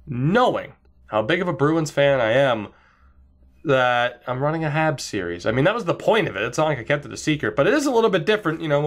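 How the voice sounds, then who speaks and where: A man's voice: fairly high pitch, fairly bright tone. A man hosting a video game series, giving sarcastic, self-mocking commentary from a room with a desk mic. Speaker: gaming channel host. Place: indoor room by a wall. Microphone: desk mic facing camera.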